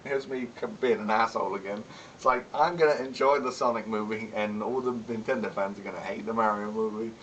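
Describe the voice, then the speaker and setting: A man's voice: on the low side, steady tone, fairly quick, a bit bright, recorded from a distance, muffled recording, slight background noise. A man chatting casually in a vlog, rambling and candid, swearing often and laughing between remarks. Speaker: vlogger.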